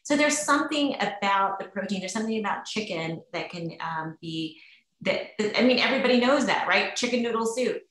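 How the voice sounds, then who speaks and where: A woman's voice: mid-range voice, expressive, brisk, fairly bright tone. A woman physician answering webinar questions in a casual, chatty way with many fillers. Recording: roomy echo.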